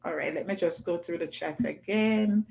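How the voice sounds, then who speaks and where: A woman's voice: lowish voice, moderate pace, gravelly, darkish tone, rough recording. Chatty woman hosting a livestream. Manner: chatty, laughs often, Jamaican patois phrasing. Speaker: livestream host. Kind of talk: casual livestream chat, reading comments aloud.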